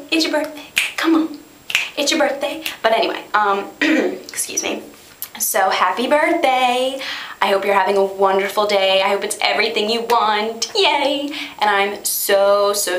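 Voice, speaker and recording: Young woman, gushy and excitable, kinda awkward, mid pitch, echoey room sound. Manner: gushing, excitable, self-consciously awkward. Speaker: friend sending a birthday message. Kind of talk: casual to-camera birthday message.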